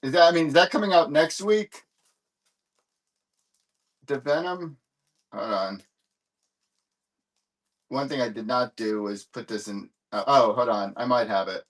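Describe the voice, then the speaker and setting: Casual male live-sale host, mid-pitched, rambling and filler-heavy. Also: unhurried, long pauses. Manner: rambling, lots of fillers and "hold on"s while searching. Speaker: live-stream comic seller.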